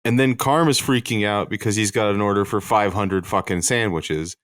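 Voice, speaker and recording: A man's voice: fairly low pitch, moderate pace, few pauses, a bit bright, no room sound, clean studio sound. A man co-hosting a comedy podcast, talking crudely and ranting heatedly. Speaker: podcast co-host. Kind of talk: casual comedic chat.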